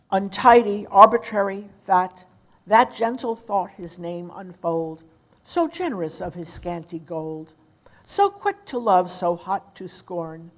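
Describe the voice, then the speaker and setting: Older woman reading poems slowly. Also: on the low side, poor audio. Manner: slow, measured recitation. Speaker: resident reader. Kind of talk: poetry reading. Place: retirement community.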